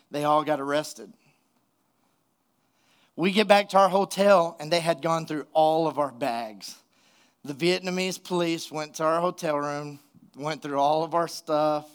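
A man, a pastor, preaching a sermon and telling a funny story in an animated way, laughing at his own jokes. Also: fairly high pitch, normal speed, clean tone. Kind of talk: sermon with a humorous personal story.

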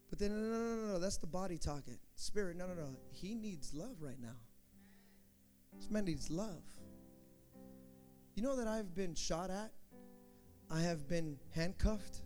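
A pastor with a high voice preaches at a moderate pace, pausing often and acting out each story as he goes. He leaps into shouted quotes, then settles back into a low, earnest tone, with a faint guitar playing behind him.

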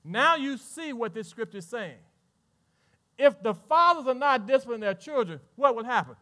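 A male pastor preaching a sermon. He asks the congregation questions and swings between loud, rising lines and hushed asides. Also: extremely high pitch, animated, normal speed.

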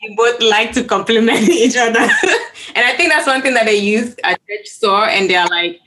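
A woman's voice: on the high side, normal speed, sharp tone. A young woman hosting a podcast, chatting casually in a bubbly way and laughing often. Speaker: podcast host.

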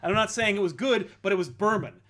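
A man with a high voice co-hosts a casual podcast. He talks in an animated, ranting way and slips into quick mock voices. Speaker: podcast co-host. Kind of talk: casual chat.

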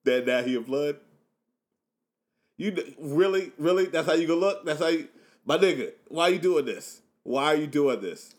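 A man riffing casually with a friend, his pitch jumping all over as he talks. He rambles through slang and self-corrections and often breaks into laughter at his own bits. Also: lively intonation, normal speed. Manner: joking, cracks himself up with loud laughter; rambling banter full of slang and restarts. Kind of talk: casual chat.

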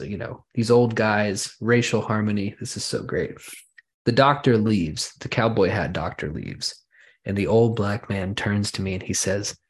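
A man hosting a podcast, telling a wry, detailed anecdote in casual chat. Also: fairly low pitch. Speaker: podcast host.

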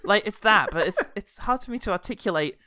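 Male co-host, animated and bright, quick to laugh. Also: high-pitched, dry recording, clean studio sound. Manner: chatty, laughs often, does animated impressions. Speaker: podcast co-host. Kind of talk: casual chat.

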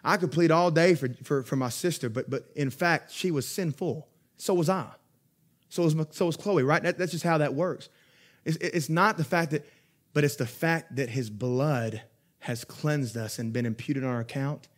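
With a fairly high pitch and an ordinary pace, a young man gives a sermon as pastor. He sounds animated and chatty, shifting between forceful high points and soft asides, with laughter breaking into his stories.

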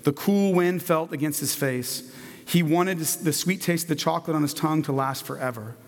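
A man preaching, telling a children's story in a gentle, narrative manner. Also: fairly high pitch, normal speed, long reverb tail. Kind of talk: sermon storytelling.

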